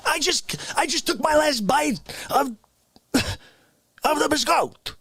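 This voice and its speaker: A man doing a comedic rant, swinging between shouting and hushed whispers. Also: very high-pitched, slow pace, creaky, dry recording, clean studio sound.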